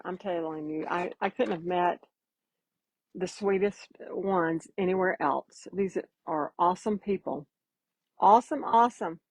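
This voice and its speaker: A chatty woman with a drawl walks viewers through a live painting demo in a folksy, easygoing way. Her voice sits low and a little husky. The sound is dry and close, with no room around it. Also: no echo, rough recording. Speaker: painting instructor.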